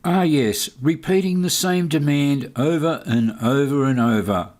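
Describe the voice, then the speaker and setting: A man's voice: on the high side, a little slow, darkish tone. A man giving sarcastic, mocking commentary over video footage. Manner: sardonic, mocking.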